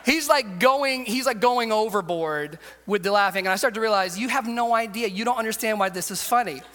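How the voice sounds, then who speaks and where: A man's voice: high-pitched, a little fast, pushed and bright. A man preaching a sermon in an earnest, conversational way, acting out the quotes in his stories. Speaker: pastor. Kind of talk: sermon with storytelling. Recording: long hall reverb.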